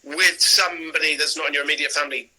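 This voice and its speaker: Man, actor, live-stream chat, rambling, bright, husky. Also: on the high side, steady tone, fast talker, low-quality recording. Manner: chatty, rambling, self-interrupting. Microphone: video call.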